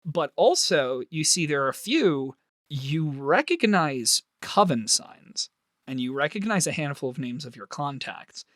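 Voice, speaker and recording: Guy running a tabletop game, lively storytelling, voice bouncing up and down, dry close sound. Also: on the high side, measured pace, no room sound. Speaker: game master.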